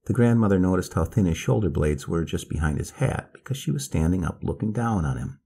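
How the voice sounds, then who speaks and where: A man reading a story aloud in a slow, measured manner. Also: sits low, expressive, creaky, mellow, husky.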